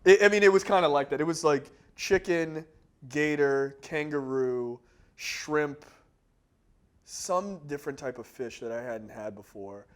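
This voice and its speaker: A man's voice: fairly high pitch, measured pace. A man co-hosting a casual movie-review podcast, rambling through tangents, laughing often and acting out other people's lines. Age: adult. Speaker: podcast co-host.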